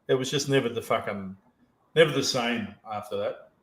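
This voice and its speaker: A man's voice: medium pitch, moderate pace, slight background noise. A male podcast host in casual chat, telling stories and swearing heavily as he rambles. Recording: roomy echo.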